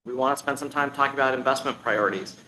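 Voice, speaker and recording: A man giving a halting presentation to a public commission, with many fillers and restarts. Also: medium pitch, noisy background. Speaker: staff presenter. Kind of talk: meeting presentation. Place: public meeting room.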